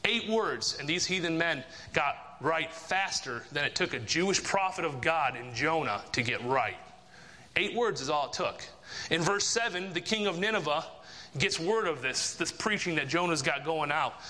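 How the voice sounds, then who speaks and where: A man's voice: on the high side, expressive, normal speed, sharp tone. A man preaching a sermon, emphatic and repetitive, firing rhetorical questions at his listeners. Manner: emphatic, repeats key phrases, rhetorical questions. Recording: long reverb of a large hall.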